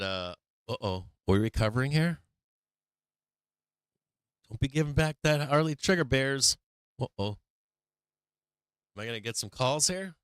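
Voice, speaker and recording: Bright, crisp-voiced man telling a story. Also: medium pitch, no echo, poor audio. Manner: rambling, repeats himself, swears freely. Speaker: host of a live stock market show. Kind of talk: casual storytelling on a live stream.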